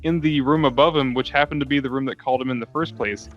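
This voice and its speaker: A man's voice: medium pitch, fairly even intonation, fast, muffled recording. A man with a mid-range voice chats about a movie on a casual podcast. He talks loosely, leaning on filler words and laughing often. Faint music plays in the background. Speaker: podcast co-host. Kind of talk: casual movie chat over beers.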